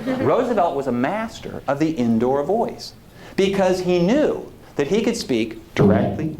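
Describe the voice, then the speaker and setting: A man's voice: fairly high pitch, sing-song, a little slow, mellow, slight background noise. A man giving a public lecture as a historian, talking in a conversational, digressive way and putting questions to the audience. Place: lecture hall. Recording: echoey lecture hall.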